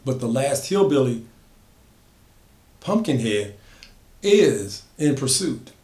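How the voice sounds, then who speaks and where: A man's voice: mid-range voice, big pitch swings, takes it slowly, a little mellow. A man casually telling an original horror story, building emphasis by repeating phrases. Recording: echoey room.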